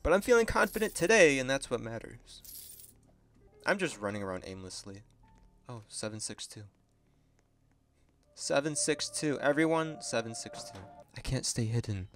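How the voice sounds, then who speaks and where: A man giving excitable, chatty gameplay commentary and laughing often as a gaming video creator. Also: medium pitch, moderate pace, long pauses, faint music behind.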